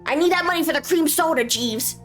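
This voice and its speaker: A woman's voice: extremely high pitch, a little fast, fairly bright tone, faint music behind, voice pushed up. A woman voicing a bossy rich woman ordering her butler around, haughty and demanding.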